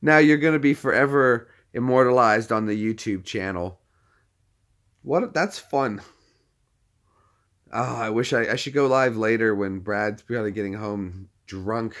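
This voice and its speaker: A man's voice: lowish voice, unhurried, a bit bright. A man hosting a casual livestream, chatty and upbeat, talking straight to his viewers. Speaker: livestream host.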